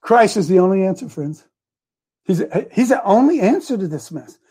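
A man giving a fiery political speech to a crowd, shouting rhetorical questions. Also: high-pitched, lively intonation, normal speed, breathy edge. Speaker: speaker addressing a crowd.

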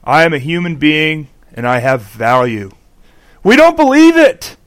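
A man's voice: on the high side, wildly swooping pitch, a little slow, no room sound. Emphatic male co-host. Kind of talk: religious talk show commentary.

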